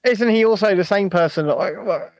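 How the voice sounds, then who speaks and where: A man's voice: high voice, moderate pace. A man co-hosting a live chat show, joking in a laid-back way and chuckling often. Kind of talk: casual banter, live stream.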